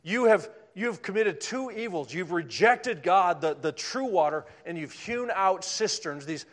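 A man preaching a sermon, swinging from loud emphatic lines down to hushed, almost whispered ones. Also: sits high.

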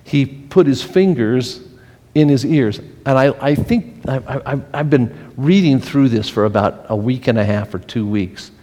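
A man's voice: a little slow, mellow. Man preaching in a reverberant hall. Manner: earnest preaching with frequent restarts, swings in pace and pitch. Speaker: pastor. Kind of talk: sermon.

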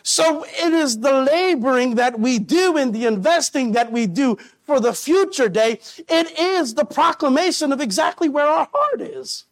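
A man preaching a sermon as pastor, earnest and slowly stretching out his key phrases. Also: very high voice, animated, no room sound.

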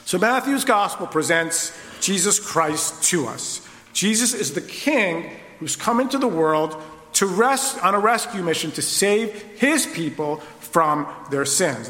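High bright preacher in echoey hall. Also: male voice. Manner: expository preaching, rhetorical questions. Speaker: pastor. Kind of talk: sermon.

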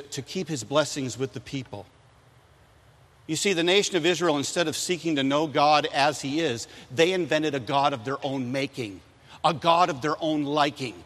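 A man delivering a sermon to young people, lively and storytelling. His voice is bright and forceful and sits a little high for a man. It rings with the long reverb of a big hall. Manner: animated, shifts into loud voices for quoted people. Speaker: preacher. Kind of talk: sermon with acted-out stories.

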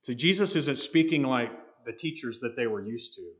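A man's voice: medium pitch, lively intonation, fairly bright tone. Male pastor with a mid-range voice, preaching a sermon with earnest, emphatic stresses. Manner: earnest, emphatic, slows down to stress key words. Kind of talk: expository sermon.

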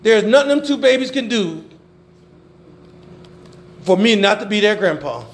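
Older man, sermon, high voice, roomy echo, loud then hushed. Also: animated, measured pace. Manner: call-and-response preaching, swings between loud emphasis and low murmurs. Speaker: pastor.

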